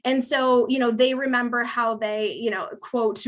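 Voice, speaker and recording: A woman's voice: fairly high pitch, steady tone, moderate pace. A woman giving a museum lecture on local history, chatty and amused, with many fillers. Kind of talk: public history talk with slides.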